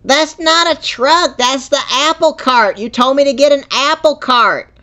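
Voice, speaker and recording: A man's voice: very high-pitched, measured pace, sharp tone, full character voice. A man putting on Betty, a flustered old woman. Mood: chatty, insistent. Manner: rambling, exasperated, repeats herself. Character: older woman, flustered and easily confused. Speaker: scam baiter. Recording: muffled phone-call audio.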